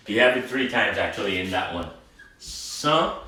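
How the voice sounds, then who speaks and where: A man teaching a language lesson, saying words slowly and repeating them for practice. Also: mid-range voice, animated, sharp tone. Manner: slow, drawn-out word repetition for practice. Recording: very echoey room, somewhat far from the mic.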